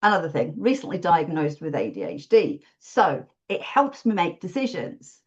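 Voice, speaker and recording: Dull, lo-fi audio, like a remote call, carries a woman's slightly low voice. She's a WordPress support freelancer guesting on a podcast, relaxed and open about her freelance work, self-deprecating and quick to laugh in casual interview chat.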